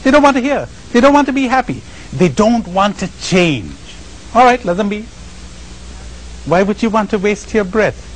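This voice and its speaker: Animated man lecturing with lively pitch. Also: normal speed, low-quality recording. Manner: animated, questioning, often asks the audience questions; acts out the voices of the people he describes. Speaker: spiritual teacher. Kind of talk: lecture to a live audience.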